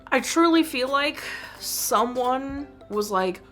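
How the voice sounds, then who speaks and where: A woman's voice: sits high, lively intonation, slow, a bit bright, soft background music. A woman giving a casual movie review, rambling and exasperated, saying "like" constantly. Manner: rambling, heavy use of "like", exasperated. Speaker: film reviewer vlogger.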